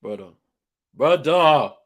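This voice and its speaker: Young man, watchalong host; slangy, excitable, repeats lines, jumps from shouts to mutters. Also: fairly high pitch, slow. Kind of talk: live football watchalong commentary.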